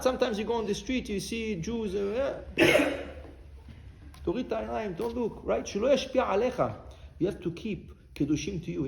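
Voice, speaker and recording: Speaking in a creaky yet lively-pitched voice, a male rabbi narrates his sermon, weaving Hebrew into English and erupting now and then into loud cries. The sound has the faint ambience of a large hall.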